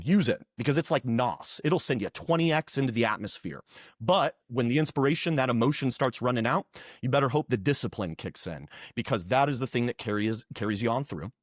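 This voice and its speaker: A young man talks in a casual interview, animated and loose, tossing in "man" and "dude" as he tells stories. His voice sits at a medium pitch, recorded close and dry with no room sound. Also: no echo. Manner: animated, slangy, says "man" and "dude" often. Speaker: podcast guest, founder.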